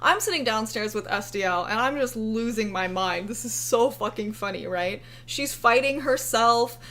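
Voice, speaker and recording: A woman's voice: on the high side, normal speed, fairly bright tone. Sarcastic, laughing young woman commentator. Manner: sarcastic, profane, laughing, chatty. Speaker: commentary video host. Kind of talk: casual commentary.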